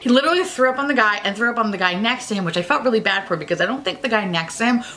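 A woman vlogger telling a story in a joking, foul-mouthed, animated way. Her pitch jumps all over the place, and her voice has a bright, forceful edge. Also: rapid-fire, slight background noise. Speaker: beauty vlogger. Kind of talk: casual storytelling vlog.

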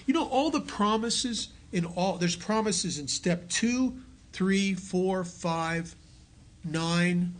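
Earnest man telling his recovery story. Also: on the high side. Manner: earnest storytelling, drops to a hush on key lines. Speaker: AA speaker. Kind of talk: recovery talk to a meeting. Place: meeting hall.

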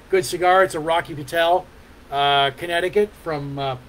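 A man's voice: fairly high pitch, normal speed, a bit bright, a little hiss or hum, poor audio. Rambling man hosting a podcast. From Ontario, Canada. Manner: loose, rambling, many fillers and hums, swears. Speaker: podcast host. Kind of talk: casual rambling chat.

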